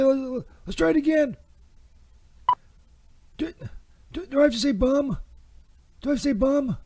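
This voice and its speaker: A squeaky-high, mellow-toned Saint Peter, put on by a man, fumbles through a crude comedy ad, restarting and second-guessing every take. He stammers and drifts into sarcasm. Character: bumbling crude male Saint Peter doing ad takes. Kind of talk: comedy ad-read sketch.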